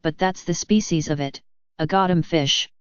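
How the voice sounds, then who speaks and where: A woman voicing a stern older Mother Superior, lower and quieter than her usual reading. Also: normal speed, clean tone, no room sound, highs cut off, close to an everyday voice.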